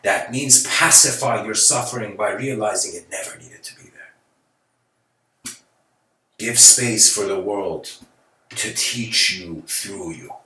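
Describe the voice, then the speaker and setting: A man's voice: fairly low pitch, slow pace, pauses often, bright, forceful tone, far from the mic. A man giving a casual, live-streamed spiritual talk, searching for words and laughing between thoughts. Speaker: spiritual speaker. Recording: roomy sound from away from the mic.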